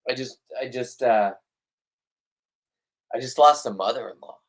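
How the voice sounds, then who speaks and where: A man records a casual fishing vlog outdoors. He rambles bluntly and pokes fun at himself. His pitch sits in the middle. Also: a little slow. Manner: blunt, rambling, self-deprecating. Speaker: fishing vlogger.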